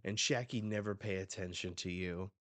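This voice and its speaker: A man's voice: low-pitched, steady tone, normal speed, fairly bright tone. A man reading as a scornful pirate empress. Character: domineering older female pirate empress.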